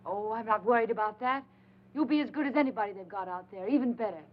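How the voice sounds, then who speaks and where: An actress playing an eager, excitable young wife who squeals with delight, in 1940s film acting. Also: female voice, mid-range voice, fast talker, close to an everyday voice. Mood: excited. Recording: dull old film soundtrack.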